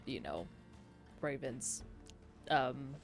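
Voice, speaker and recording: A woman playing in a tabletop game, chatting in a hesitant, halting way. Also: rumbling low, lively intonation, creaky, soft background music. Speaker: player. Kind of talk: casual chat at a tabletop game.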